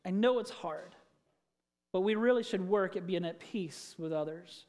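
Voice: medium pitch, unhurried, darkish tone, long reverb tail. A pastor preaching a sermon in a conversational way, asking the congregation questions and telling stories.

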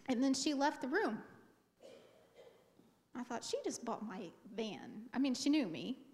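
A woman's voice: a little high, measured pace. Middle-aged woman telling her testimony in a reverberant hall. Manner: lively, expressive storytelling. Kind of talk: personal testimony to a congregation. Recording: long reverb of a large hall.

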